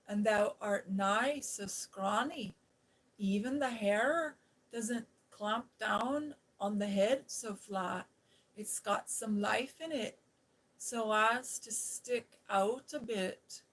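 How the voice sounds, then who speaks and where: A woman's voice: mid-range voice, very slow, fairly bright tone, low-quality recording. A woman voicing a blunt, friendly young Yorkshire maid in broad old dialect, read from a storybook. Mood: fond, frank.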